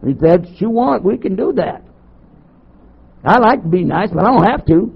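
An older man from Texas, a Muslim chaplain, preaching to an audience with sarcastic, animated storytelling and rhetorical questions. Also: high voice, moderate pace, vocal fry, breathy edge. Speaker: Muslim chaplain giving a talk. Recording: dull lo-fi tape recording.

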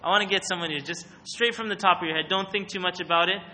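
Guy giving a religious talk to a room, keeps asking people questions, real sharp tense voice. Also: high voice, fast. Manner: questions the audience and calls on them. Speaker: speaker giving an Islamic talk. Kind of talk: interactive religious talk to an audience. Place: room with a live audience. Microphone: microphone.

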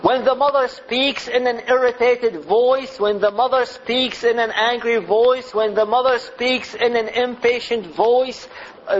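A male preacher with a high voice speaks slowly and deliberately, stacking phrases into repetitive lists. The recording is muffled and lo-fi, with faint ambient noise behind him. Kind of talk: sermon.

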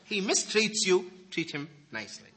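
Lively husky-voiced male preacher. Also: high voice, moderate pace. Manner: animated, swings from loud emphasis to soft asides. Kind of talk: sermon.

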